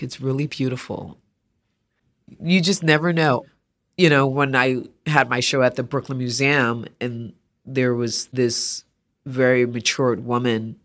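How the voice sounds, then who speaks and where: With a very deep voice at a moderate pace, a woman artist guests on a podcast. She tells stories with animation during the interview conversation and performs the voices of those she quotes.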